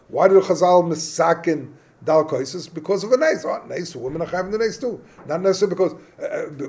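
A man leading a Talmud study class, explaining the text animatedly and thinking aloud with quick restarts. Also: high-pitched, a little mellow. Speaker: Talmud teacher.

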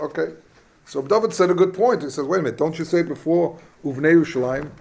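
Animated teacher, higher-pitched man. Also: fast, gravelly. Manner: questioning, animated, mixes Hebrew and Yiddish terms. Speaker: Talmud class teacher. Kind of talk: lively Talmudic lesson.

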